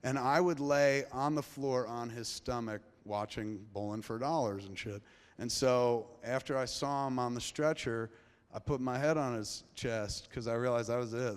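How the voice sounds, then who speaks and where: A man's voice: medium pitch, fairly even intonation, normal speed, clean tone. Profane man storytelling in a big hall. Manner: profane, rambling, swings between hushed and loud. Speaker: filmmaker telling a story on stage. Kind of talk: live stage storytelling. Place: large theater before a live audience. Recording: long reverb of a large hall.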